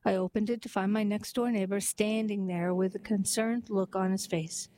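A woman narrating a heartwarming story and then reading a poem aloud in a gentle, even storytelling manner. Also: mid-range voice, moderate pace, slight background noise, low-quality recording.

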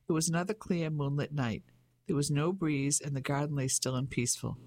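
An audiobook narrator reading a novel chapter in a steady, measured way. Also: mid-range voice, no echo, low-quality recording. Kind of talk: scripted narration.

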